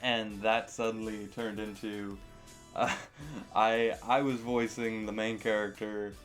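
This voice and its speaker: A man's voice: on the low side, level tone, slow, soft background music. A young man casually answering viewer questions in a vlog, rambling with lots of fillers and self-deprecating asides.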